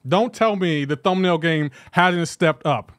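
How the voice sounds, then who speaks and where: A man livestreaming gameplay and chatting with his viewers, animated and incredulous and laughing often. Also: fairly high pitch, a little slow, no room sound, studio quality. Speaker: gaming livestreamer. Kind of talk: live gameplay commentary with chat.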